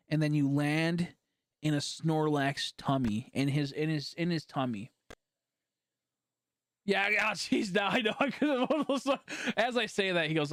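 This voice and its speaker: A man's voice: a little high, dry recording, clean studio sound. A young man chatting casually on a livestream, rambling and joking and laughing often as he talks. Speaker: streamer.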